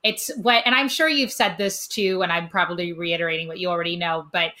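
Casting: gushing woman interviewer, bright and forceful tone, laughs a lot. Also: lowish voice, brisk. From Cincinnati, Ohio. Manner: effusive, laughs often, loud when excited. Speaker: podcast host. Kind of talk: casual interview chat.

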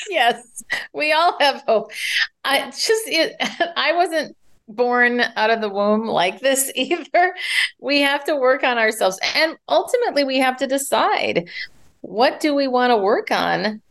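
A woman speech coach talks through communication tips. She speaks in an animated way and demonstrates vocal variety, rising and dropping her pitch as she explains. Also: unhurried. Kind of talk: advice interview.

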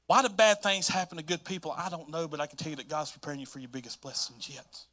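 A man from North Carolina with a Southern accent, preaching a sermon as pastor in an animated storytelling manner that repeats phrases for emphasis. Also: a little high, fast talker.

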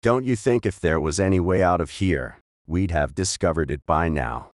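A man reading the part of a calm, philosophical older man in an audiobook, speaking in a measured, gentle way. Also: low voice, dry recording, studio quality. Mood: reasoning.

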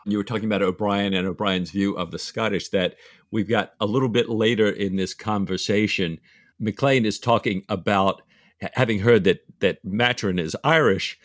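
Enthusiastic lower-voiced man. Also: normal speed, no room sound, studio quality. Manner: enthusiastic, exclaims, laughs. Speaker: podcast co-host. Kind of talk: casual book discussion.

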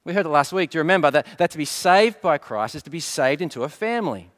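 Lively middle-aged male preacher. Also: a little high, fast. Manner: asks rhetorical questions and answers them; light storytelling with gentle humour. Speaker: pastor. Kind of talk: sermon.

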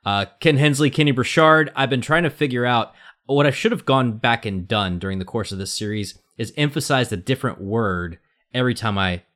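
A man's voice: medium pitch, brisk, a bit bright. A man hosting a faith talk podcast in a casual, joking manner. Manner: playful, joking. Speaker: podcast host.

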